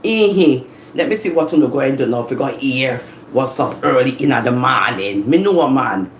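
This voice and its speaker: Lively live-streamer. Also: mid-range voice, normal speed, slight background noise. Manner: animated, laughing, teasing rants and storytelling. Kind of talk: casual live-stream chat. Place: home living room. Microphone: phone. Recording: echoey room with faint ambience.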